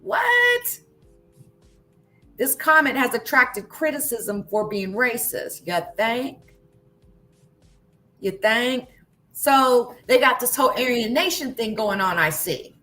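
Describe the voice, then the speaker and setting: Lively incredulous woman commentator. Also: on the high side, normal speed, hardly any pauses, slight background noise. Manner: incredulous, sarcastic, swears freely; chats to viewers in live chat. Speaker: online commentator. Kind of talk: casual reaction commentary.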